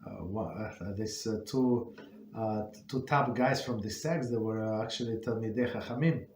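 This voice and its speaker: Man teaching, halting, in an echoey room. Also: lowish voice, darkish tone, slight background noise. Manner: halting, many fillers and restarts. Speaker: rabbi teaching a class. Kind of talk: informal Torah class.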